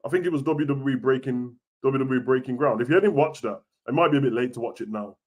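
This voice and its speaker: A man's voice: medium pitch, fast talker. Slangy young man chatting. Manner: casual slangy and animated, swings loud and soft. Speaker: wrestling show host. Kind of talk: live-stream chat reading comments.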